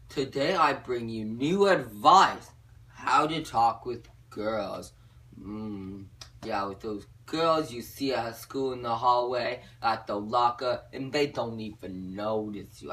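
A young man giving joking advice in a rambling, deadpan comedy vlog, a little away from the mic. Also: medium pitch, recorded from a distance. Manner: deadpan, rambling, drawn-out delivery. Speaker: vlogger giving joke advice.

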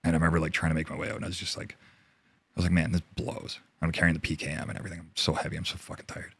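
With little pitch movement, a Canadian army veteran speaks as an interview guest about a war story. His very deep voice is gravelly and husky, with a rough fry, and he curses freely, often halting mid-sentence to begin again. The recording is close and dry.

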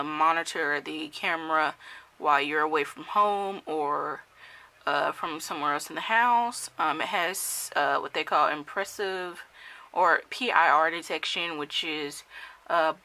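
A woman's voice: sits low, sharp tone, low-quality recording. A woman casually reviewing and unboxing a gadget, talking hesitantly with many ums and self-corrections. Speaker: product reviewer.

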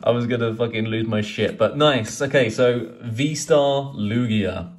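A man chatting casually as he opens card packs, swearing and rambling excitedly. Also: mid-range voice, a little slow. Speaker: card collecting YouTuber. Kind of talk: casual pack-opening vlog.

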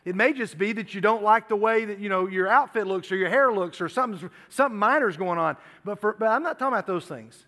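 Man, high bright voice, youth sermon, earnest, repeats phrases, long hall reverb. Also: quick pace, hardly any pauses. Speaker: youth pastor.

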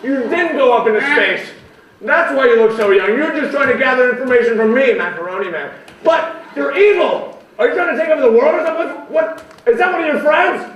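A man's voice: extremely high pitch, lively intonation, quick pace, highs cut off. A young man hamming it up as a performer in a stage comedy skit, exclaiming his lines and laughing at his own jokes. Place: school auditorium stage. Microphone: far from the mic. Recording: echoey hall from far off, crowd noise.

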